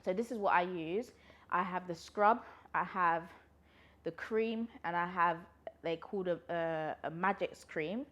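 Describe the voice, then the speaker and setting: This twenty-something vlogger from London speaks at a measured pace in a fairly low, fairly bright voice. She is a little out of breath and laughs a lot as she casually works through a pregnancy Q&A. The highs in the audio are cut off.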